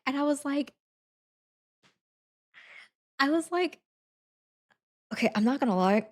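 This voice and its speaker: A woman's voice: high-pitched, lively intonation, slow pace, darkish tone. A woman streamer telling a casual, self-deprecating story, laughing often as she goes.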